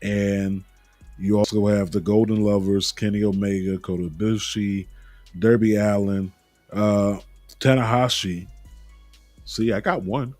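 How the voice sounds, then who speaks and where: A man's voice: lowish voice, flat delivery, unhurried, warm tone, no room sound, soft background music. A man hosting a casual wrestling talk show, joking and laughing at his own stumbles over names. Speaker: podcast host.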